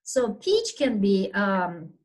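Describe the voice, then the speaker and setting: Slow, loud-spoken woman lecturing on anatomy. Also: mid-range voice, big pitch swings, poor audio. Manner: unhurried, explanatory, with fillers and throat clearing; talks loudly by habit. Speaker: anatomy instructor. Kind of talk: recorded video lecture.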